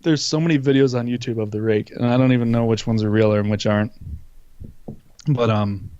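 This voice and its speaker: A young man chatting on a casual podcast with plenty of swearing, and he gets animated when he tells a story. His voice sits at a middle pitch. The recording is dry and a little dull, with a lo-fi podcast mic. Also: brisk, clean tone, dry recording. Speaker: podcast co-host. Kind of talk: casual chat.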